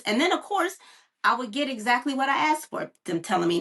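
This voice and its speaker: A woman podcast guest speaking candidly and haltingly, often acting out her own inner self-talk. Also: a little high, expressive, pushed and bright, far from the mic. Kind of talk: casual testimony.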